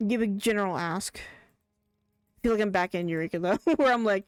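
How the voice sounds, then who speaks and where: A woman's voice: mid-range voice, brisk, long pauses, clean tone, dry recording, faint music behind. A young woman streaming a game, chatting casually as she plays, rambling and laughing often. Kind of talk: casual live gameplay commentary.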